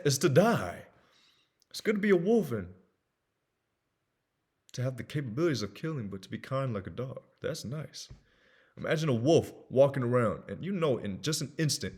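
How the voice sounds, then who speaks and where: A man with a husky, slightly breathy voice talks through an idea in a casual monologue. He is earnest, rising into emphatic bursts and dropping into hushed asides. His pitch sits in an ordinary middle range for a man. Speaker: self-help speaker.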